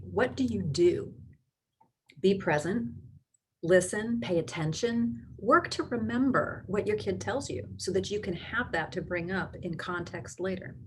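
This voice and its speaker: A woman's voice: lowish voice, a little hiss or hum. A middle-aged woman, a clinical psychologist, giving an educational talk to parents and explaining her points step by step. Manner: explains step by step, acting out quoted voices for examples.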